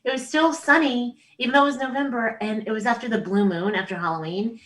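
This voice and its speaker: Middle-aged woman comic on a podcast, animated storyteller, does little voices, cusses, sits kinda far from the mic. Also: on the high side, quick pace. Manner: animated storyteller, swears freely, acts out family voices. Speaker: comedian guest. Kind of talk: casual podcast chat, storytelling.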